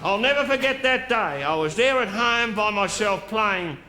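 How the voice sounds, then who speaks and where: A man's voice: high-pitched, normal speed, sharp tone. A man playing a boozy, crude, pompous middle-aged Australian dignitary with an Australian accent. He delivers a bawdy, mock-sentimental live comic monologue with bluster. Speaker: stand-up comedian in character. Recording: live stage with audience noise.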